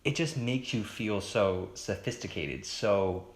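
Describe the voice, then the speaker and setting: Rambling young man, echoey room. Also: slow. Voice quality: monotone baritone. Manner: rambling, hesitant, with fillers and restarts; self-conscious, chatty. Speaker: podcast host. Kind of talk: solo casual podcast monologue.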